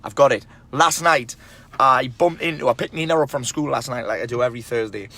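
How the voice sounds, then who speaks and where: A man's voice: mid-range voice, fairly quick, bright, forceful tone. A man talking straight to camera, blunt and emphatic, swearing often as he gives tough-love advice to other men. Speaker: men's self-help speaker. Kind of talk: casual motivational monologue.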